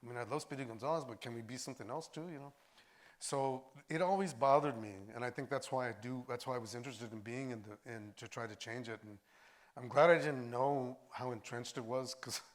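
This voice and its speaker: An older actor and filmmaker, a man, telling stories in a lively way at a post-screening discussion, acting out voices as he goes. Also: medium pitch, a little fast. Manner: animated storyteller, acts out voices. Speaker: actor and filmmaker, interview guest.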